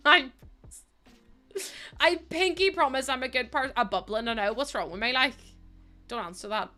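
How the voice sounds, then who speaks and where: A woman's voice: sits high, normal speed, long pauses, pushed and bright, faint music behind. A young Northern Irish woman chatting casually to her livestream viewers while she builds in a game, laughing often and swearing freely. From Northern Ireland. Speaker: streamer.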